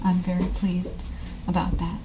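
A woman's voice: lowish voice, completely flat delivery, measured pace, noisy background. A woman author reading her short story aloud at a live event, wry and self-deprecating.

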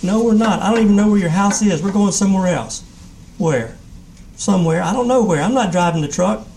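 A frightened, high-strung young man from a storybook, as a male reader plays him. His voice climbs high and he talks fast, pleading and insisting. It is plainly a put-on character voice. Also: a little mellow, slight background noise, low-quality recording.

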